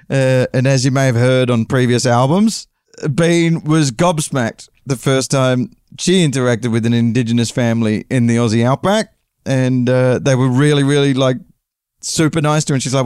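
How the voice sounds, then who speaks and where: An English man spins a casual, meandering story, full of swearing and asides where he corrects his own details. His voice is smooth and resonant, sitting at an ordinary middle pitch. The recording is dry, with no room echo. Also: moderate pace, darkish tone. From England. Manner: rambling, profane, self-correcting.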